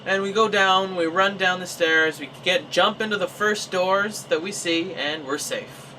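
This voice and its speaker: A young Canadian man telling a personal story in a casual, animated way, acting out his own reactions. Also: sits high, unhurried, distant mic, slight background noise, poor audio. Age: young adult. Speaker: vlogger.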